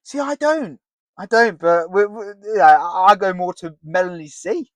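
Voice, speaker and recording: A man's voice: sits high, moderate pace, a bit bright, no echo. A man in his thirties, co-hosting a casual podcast chat, jokey and laughing often, talking into a headset. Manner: jokey, laughs often, sings snatches of songs. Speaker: podcast co-host. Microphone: headset with earpiece.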